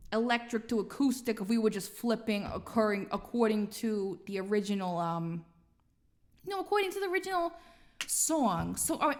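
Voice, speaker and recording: A woman with a fairly high voice chats on a live stream between songs. She is playful and rambling, thinking out loud as she goes. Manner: playful and rambling, musing aloud. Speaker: streamer and singer.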